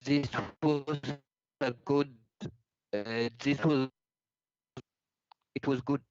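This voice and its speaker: A man on a dull, muffled call line replies in a halting way, stopping and restarting his words. The sound is flat and dry, with no room around it. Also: medium pitch, clean tone, dry recording. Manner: halting, often interrupted. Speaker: debate opponent. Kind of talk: online call debate.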